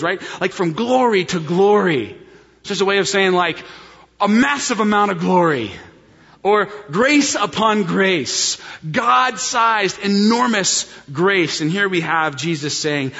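Male pastor preaching, slightly high voice, muffled sound with long reverb, emphatic expository delivery. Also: a bit bright. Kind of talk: sermon.

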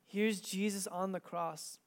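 A preacher with a steady, mid-range voice speaks slowly through a sermon and reads scripture aloud. The delivery is dramatic, climbing to loud emphasis and then easing into a quiet hush.

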